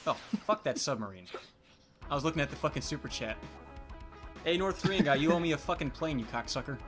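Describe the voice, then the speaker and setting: A man's voice: on the high side, animated, fast, over music. A man in casual livestream chat, sarcastic and crude. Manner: sarcastic, crude, wildly swinging intonation.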